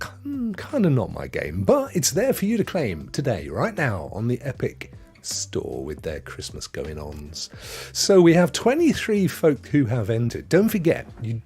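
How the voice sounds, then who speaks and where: Animated, jokey male streamer. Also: medium pitch, husky. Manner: chatty, jokey, reads chat aloud. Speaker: live-stream host. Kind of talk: casual live-stream chat.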